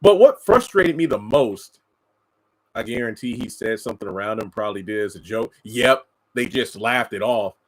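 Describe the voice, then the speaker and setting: A man giving casual commentary on a TV episode, answering chat comments and mocking characters in high put-on voices. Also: animated, normal speed, low-quality recording. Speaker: TV show reviewer.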